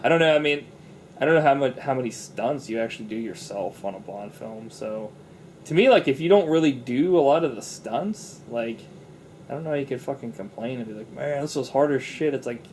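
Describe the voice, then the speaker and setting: A man's voice: mid-range voice, animated, a little fast, a little mellow, a little hiss or hum. A young man co-hosting a casual movie review chat, loose and profane, often laughing.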